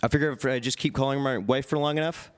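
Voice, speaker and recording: A young man with a mid-pitched, ordinary voice does stand-up in a comedy club. His delivery is dry and deadpan, spoken into a handheld stage mic. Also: fast talker.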